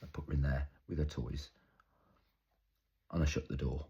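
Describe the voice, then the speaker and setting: A young man performing an intense, halting, improvised dramatic monologue. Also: extremely low pitch, steady tone, dark tone, breathy edge, lo-fi sound. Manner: intense, halting, storytelling with heavy swearing. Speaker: actor.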